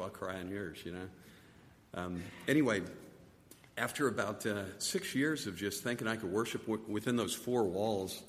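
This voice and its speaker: A middle-aged man giving a personal testimony, halting and soft-spoken, often repeating his words. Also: on the low side. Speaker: testimony speaker. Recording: long hall reverb, faint noise.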